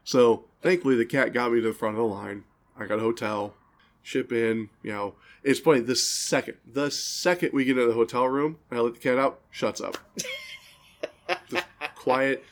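Speaking in a mid-range voice at ordinary speed, this man co-hosts a podcast. His casual talk is full of drawn-out, meandering anecdotes that he laughs along with.

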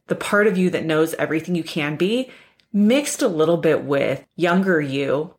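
A woman hosting a self-help podcast in an earnest monologue full of repeated rhetorical questions. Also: deep voice. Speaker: podcast host.

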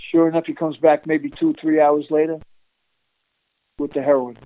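An animated man tells a streetwise story in a casual interview, laughing often and restarting his sentences. His voice sits fairly high for a man, and the sound is dry and close. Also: moderate pace, no room sound, narrow, tinny audio. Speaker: interviewee recounting undercover work.

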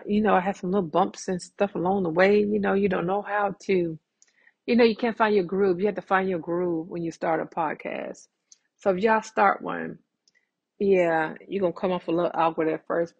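A woman's voice: medium pitch, vocal fry, slightly rough, muffled recording. A woman hosting a casual solo podcast from home, chatty and talking straight to her listeners as "y'all.". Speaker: podcast host.

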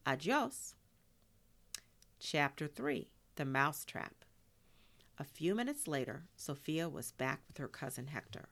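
A woman reading a children's storybook aloud, expressive and dropping in Spanish words. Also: low-pitched, measured pace.

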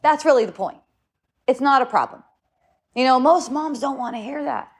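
Middle-aged woman, casual spiritual talk, rambling, repeats herself, a bit high-pitched. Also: very animated, normal speed, slightly rough. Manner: rambling, repeats words, acts out shouts and quotes.

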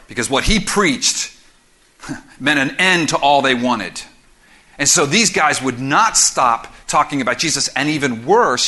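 A man preaching a sermon as pastor, explaining scripture verse by verse in an animated, conversational way with quick asides. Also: mid-range voice. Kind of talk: expository sermon.

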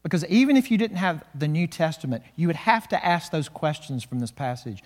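Male preacher, sermon delivery with dramatic pacing, a touch high, in a reverberant sanctuary. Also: animated. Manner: slows and swells on key words, dynamic preaching. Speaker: pastor.

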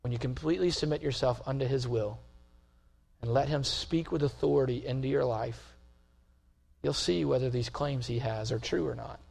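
A male pastor preaching a sermon, moving from calm, measured talk to loud, emphatic stretches. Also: medium pitch, creaky.

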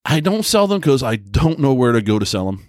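A man in his forties talks alone into the mic for his podcast, wandering through memories at an easy mid pitch. He trips over his own words, stacks up fillers and pokes fun at himself. The sound is close and dry, with no room around him. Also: very animated, fairly quick, darkish tone, no echo. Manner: rambling, self-deprecating storytelling with frequent restarts and fillers. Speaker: podcast host. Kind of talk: casual solo podcast monologue.

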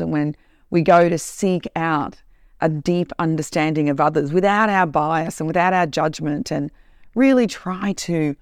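A woman who is a corporate trainer and podcast host, telling a story in an animated, emphatic way in a casual monologue. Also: sits low, creaky, no room sound, clean studio sound.

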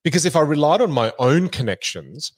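A man's voice: a little high, big pitch swings, fairly quick, husky. A man co-hosting a casual podcast, playful and teasing, often restarting his sentences. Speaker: podcast co-host, keynote speaker.

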